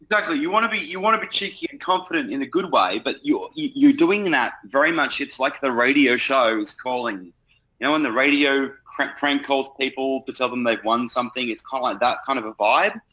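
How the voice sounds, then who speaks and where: A man's voice: mid-range voice, brisk, low-quality recording. A man coaching salespeople in casual talk, blunt and full of swearing. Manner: blunt, profane, animated. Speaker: sales trainer.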